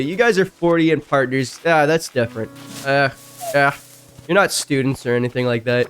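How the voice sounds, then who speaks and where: A man streaming a game, reading stories aloud and breaking in with loud, jumpy reactions. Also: moderate pace, soft background music. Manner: reacts loudly, jumps high in pitch. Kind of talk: casual reading and commentary while gaming.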